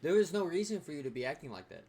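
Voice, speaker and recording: A man's voice: fairly high pitch, very animated, very fast, darkish tone. A young man hosting a reaction video, rambling in casual commentary with constant fillers and swearing.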